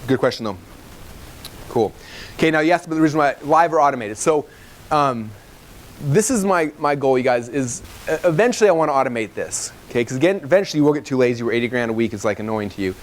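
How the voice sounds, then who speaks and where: He's a webinar trainer in his thirties, leading a live seminar for a room full of people. His storytelling is rapid and lively, and he voices the dialogue in it at a higher pitch.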